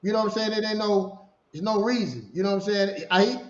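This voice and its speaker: A middle-aged man telling a personal story in casual conversation, animated and repeating himself as he talks. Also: high voice, fairly quick. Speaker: podcast co-host sharing his story. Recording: roomy, dull lo-fi sound.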